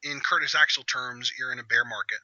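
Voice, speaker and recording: A man's voice: medium pitch, fairly even intonation, fairly quick, sharp tone, dry recording, highs cut off. A young man hosting a live reaction chat who jabs at his co-host with dry, sarcastic teasing.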